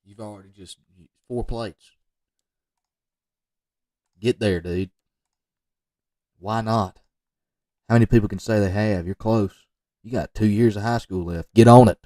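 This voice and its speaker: A man with a low voice talks over football highlight film in loose, rambling commentary, and he keeps sliding into joking asides aimed at the players. He sounds dry and set back from the mic. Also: steady tone, unhurried, long pauses, mellow, dry recording, distant mic. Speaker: football recruiting video reviewer. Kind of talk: off-the-cuff commentary on game film.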